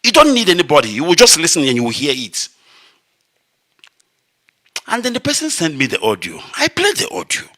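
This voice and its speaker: A man's voice: a little high, wildly swooping pitch, a little fast, long pauses, bright, forceful tone. A man with a Nigerian Igbo accent, a radio broadcaster delivering an impassioned, emphatic monologue, repeating his points for weight. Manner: emphatic, repetitive, declamatory.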